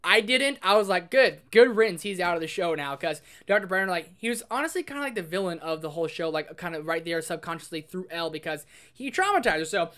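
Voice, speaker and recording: Fast-talking, gushing male reviewer. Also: sits high, smooth. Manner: excitable, gushing, heavy use of "like"; swings between loud exclamations and hushed emotional asides. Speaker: film review host. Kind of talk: casual spoiler review.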